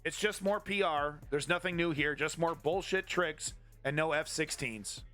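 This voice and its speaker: At normal speed, a man with a bright, fairly high voice hosts a political commentary livestream, ranting with lots of swearing and cutting sarcasm as faint music runs underneath.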